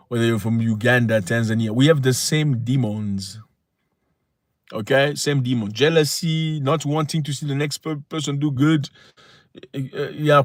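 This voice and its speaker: A man's voice: mid-range voice, no room sound, studio quality. A man hosting a casual livestream, speaking emphatically and preaching to viewers. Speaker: livestream host.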